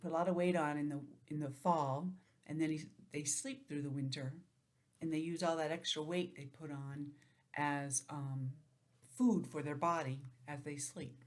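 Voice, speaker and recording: A woman teacher reading a picture book aloud to young children, pausing to explain and ask gentle questions. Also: sits low, fairly even intonation.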